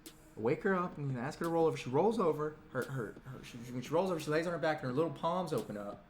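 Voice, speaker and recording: A man's voice: a little high, animated, quick pace, echoey room, a little hiss or hum. A man hosting a live stream, telling a comic story in a rambling, self-interrupting way and teasing his audience. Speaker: live stream talk show host. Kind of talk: comedic storytelling to a live chat.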